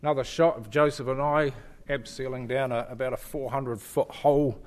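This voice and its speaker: As a guest at a church, a middle-aged New Zealander presents slides to the congregation in a steady, mid-range voice at normal speed. His delivery is chatty and joking, with plenty of fillers and restarts.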